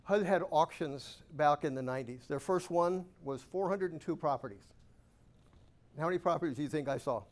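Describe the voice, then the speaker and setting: Animated man telling stories to a live audience. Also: on the high side, normal speed. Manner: animated, self-amused anecdotes with rhetorical questions. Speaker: guest speaker at a real estate investor club. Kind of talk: storytelling keynote talk.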